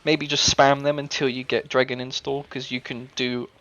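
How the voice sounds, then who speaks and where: A man's voice: mid-range voice, level tone, normal speed, fairly bright tone, highs cut off. A man coaching and commentating a strategy game in a casual, joking way, explaining tactics as he talks.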